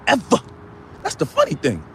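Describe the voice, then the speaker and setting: A man playing a boastful, hot-tempered man who rants on a live stream, swinging from muttering to yelling. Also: on the high side, wildly swooping pitch, normal speed, slight background noise, full character voice. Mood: ranting. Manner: ranting, repetitive, swinging from mutters to yells. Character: loud boastful ranting man, quick to anger.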